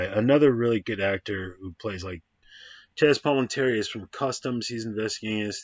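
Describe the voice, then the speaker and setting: A man's voice: on the low side, breathy edge, no room sound. A man giving a casual, rambling film review, full of ums and restarts, on a dull, dry, lo-fi recording. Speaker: movie reviewer.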